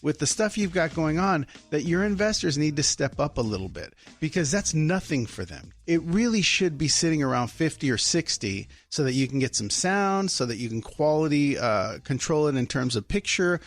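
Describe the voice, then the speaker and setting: A man's voice: on the high side, moderate pace, hardly any pauses. A man hosting a podcast in casual chat, teasing and giving advice. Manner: teasing, lively, gives advice. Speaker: podcast host.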